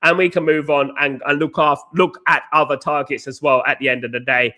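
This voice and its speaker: A man hosts a football live stream in a loose, rambling way, greeting viewers by name and repeating "of course, guys". His voice is bright and sits a little higher than most men's. He sounds slightly hoarse. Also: fairly even intonation, a little fast. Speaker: football podcast host. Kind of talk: casual live-stream chat. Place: hotel or flat in Naples, indoors.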